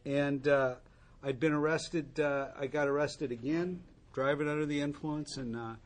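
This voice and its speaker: A man's voice: a little high, fairly even intonation, normal speed. A man telling his own recovery story to a group, candid and wry, with asides to the listeners. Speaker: recovery speaker.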